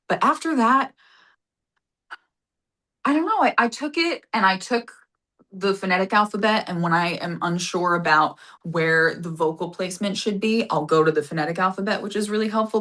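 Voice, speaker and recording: A woman's voice: lowish voice, a bit bright. A woman actor and audiobook narrator with an accent between American and English, chatting in a rambling, apologetic way in an interview. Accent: mixed American and English. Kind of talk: casual interview conversation.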